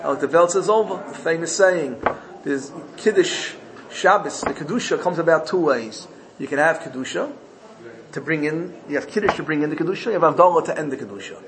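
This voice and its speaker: A man giving a Torah sermon, telling a parable with animated storytelling and frequent self-corrections. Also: fairly high pitch, a little fast, a crowd in the background, low-quality recording.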